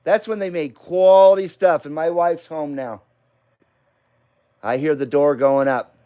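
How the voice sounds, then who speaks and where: A man's voice: fairly high pitch, steady tone, unhurried, dark tone, clear, resonant tone. A middle-aged man hosting a live stream, chatting casually, joking and laughing often as he reads comments.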